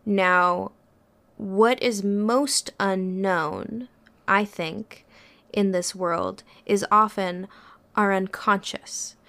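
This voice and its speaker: A woman's voice: medium pitch, fairly even intonation, vocal fry, fairly bright tone. Reflective woman therapist musing aloud. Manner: thoughtful, searching, with frequent pauses and fillers. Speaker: therapist and podcast co-host. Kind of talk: casual reflective podcast talk.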